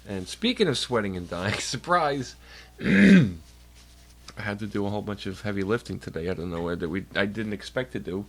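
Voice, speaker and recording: A young man streams from home, chatting casually into a desk mic to his chat, rambling, joking and swearing, his nose slightly stuffed and nasal. His lowish voice is fairly bright with lively intonation, quick and nearly pause-free, with slight background noise.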